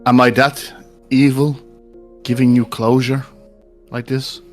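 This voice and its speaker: Casting: a game master doing a silky, menacing devil lord making deals in a tabletop game. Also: male voice, mid-range voice, flat delivery, takes it slowly, soft background music, natural voice. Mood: scheming. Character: smug, bargaining male devil god.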